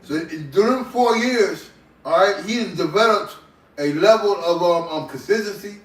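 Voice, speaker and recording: A man leading a casual faith group discussion, exhorting the others in a preachy way and filling pauses with strings of "um". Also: sits high, fairly bright tone. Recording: echoey room, mic far off.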